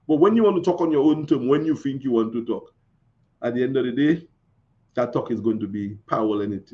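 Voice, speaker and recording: A man's voice: medium pitch, fairly quick. A man hosting a live stream, reading viewer comments and chatting in a folksy, repetitive way. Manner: chatty, folksy, repeats phrases. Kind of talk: casual live-stream talk. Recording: dull lo-fi stream audio.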